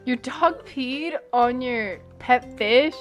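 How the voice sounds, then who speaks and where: A young woman giving casual livestream commentary while gaming, excitable and giggly, breaking into squeals and shrieks. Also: high-pitched, takes it slowly, soft background music. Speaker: gaming streamer.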